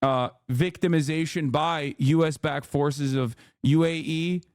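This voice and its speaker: A man streaming, reacting to clips with sarcastic, profane, rapid-fire commentary. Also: a little high, fairly even intonation, clear, resonant tone, dry recording, studio quality. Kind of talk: casual commentary.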